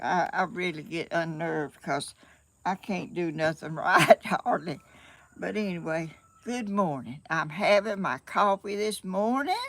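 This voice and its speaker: A woman's voice: medium pitch, gravelly. An older woman with a Southern US accent, chatting casually and a bit flustered on a live stream from her home, laughing often. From Georgia, USA. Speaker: vlogger. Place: home, sunny room.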